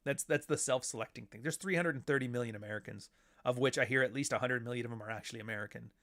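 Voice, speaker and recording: A man's voice: medium pitch, racing, fairly bright tone. A man hosting a podcast, ranting in a casual, profane and sarcastic way. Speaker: podcast host. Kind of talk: casual livestream rant.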